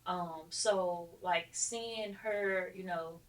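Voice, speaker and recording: A woman co-hosting a podcast, chatting in a reflective, soft-spoken way. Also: lowish voice, drawn-out words. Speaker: podcast co-host. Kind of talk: casual chat.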